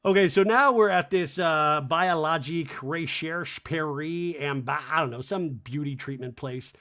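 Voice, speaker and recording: A man's voice: a little high, normal speed, vocal fry, hardly any pauses, pushed and bright. A man hosting a casual comedic recap, joking and swearing freely as he acts out quotes. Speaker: podcast host recapping a reality show.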